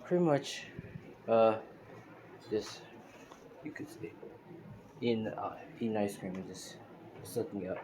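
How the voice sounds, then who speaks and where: Brief: low-voiced man, rambling fan-story narration, noisy phone recording. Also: animated, takes it slowly, pauses often, a little mellow. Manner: loose, filler-heavy retelling.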